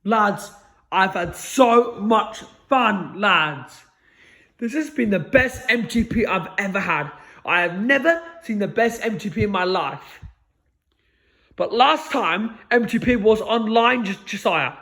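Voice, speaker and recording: A man with a notably high voice talks on in a loose, rambling monologue. He stumbles over words and restarts often, and keeps ending phrases with a low, quiet mutter. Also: lively intonation, slow pace, gravelly. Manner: repeats "lads" in a low mutter, stammering restarts. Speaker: vlogger.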